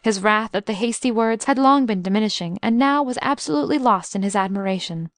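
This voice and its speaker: A woman reading a classic novel aloud in measured scripted narration. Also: medium pitch, no echo, studio quality. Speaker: audiobook narrator.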